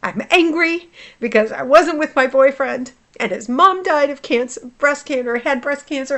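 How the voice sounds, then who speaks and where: In a vlog, a hypnotherapist in her forties tells a personal story at a moderate pace. She's blunt and profane, sinking into low mutters before flaring into loud outbursts.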